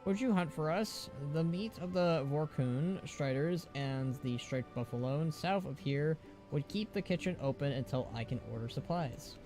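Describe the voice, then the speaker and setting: A man's voice: fairly high pitch, moderate pace, a little mellow, pitched above the performer's own voice, natural voice. An overworked innkeeper pleading for help, read out with mild drama. A man voices it in a near-ordinary tone. Light game music sits behind. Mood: annoyed. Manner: reading quest text aloud, lightly dramatic. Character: busy, harried innkeeper.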